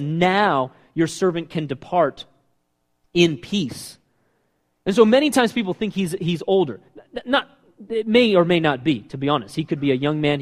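A man preaching a sermon as pastor, animated and asking his listeners questions. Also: fairly high pitch. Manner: animated, asks the congregation questions. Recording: long reverb of a hall.

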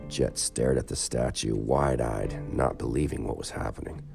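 A man reading a children's story aloud as narrator in a slow, expressive way. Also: a bass voice, gravelly. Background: soft guitar music.

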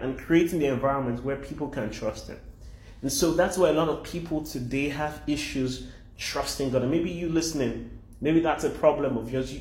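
A man preaching a sermon in an animated way, repeating phrases for emphasis. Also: medium pitch, reverberant.

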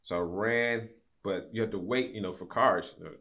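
A man's voice: lowish voice, normal speed, fairly bright tone. A man in his fifties, a podcast guest, telling a story in casual chat. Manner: storytelling, acts out quoted people.

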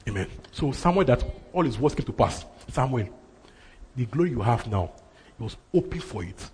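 A man's voice: mid-range voice, animated, normal speed, a little mellow, slight background noise. A man preaching a sermon, emphatic and repeating his phrases for effect. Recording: reverberant hall.

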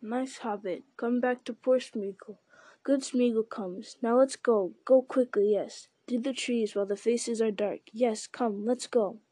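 Hissing, sly creature muttering to himself, as a woman reader voices him, soft and dry, no room sound. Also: on the high side, steady tone, measured pace, husky, no echo. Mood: wheedling. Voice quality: hissing, whispery. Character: wretched hissing male creature, greedy and sly. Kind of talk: audiobook narration.

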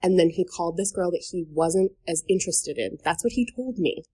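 A young woman from New Hampshire chats on a podcast in a slightly low voice. She fills her talk with "um" and "like" and laughs between sentences as she tells a story. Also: animated, fairly quick, dark tone, breathy edge. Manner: chatty, many fillers and "like", laughs between sentences. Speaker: guest telling a dating story. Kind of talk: casual podcast chat.

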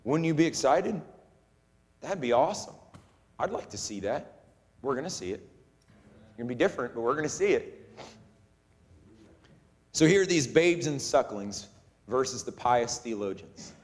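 A man preaching a sermon in an animated way, acting out the voices of the people in his story. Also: medium pitch, normal speed, long pauses. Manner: animated, acts out voices of the crowd. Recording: long hall reverb.

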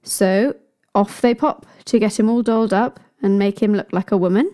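Woman storyteller, casual and chatty, cracks jokes as she goes. Mellow tone. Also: medium pitch, steady tone, normal speed. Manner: chatty, jokey asides. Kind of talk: casual retelling of a myth.

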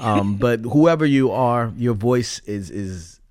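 A man co-hosting a casual couples podcast, relaxed and teasing, often restarting his sentences. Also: mid-range voice, takes it slowly, no room sound, clean studio sound. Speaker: podcast co-host. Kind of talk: casual chat.

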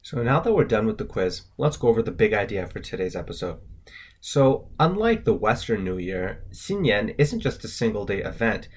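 A man's voice: fairly low pitch, very animated, moderate pace, breathy edge. A man co-hosting a language lesson, explaining word by word and spelling out the tones in a methodical, scripted way.

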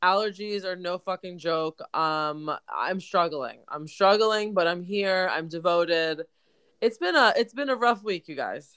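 A woman co-hosting a casual podcast, congested and hoarse-sounding, talking candidly and swearing freely. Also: on the low side, lively intonation, measured pace, fairly bright tone. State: congested, voice deepened. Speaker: podcast co-host. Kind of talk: casual chat.

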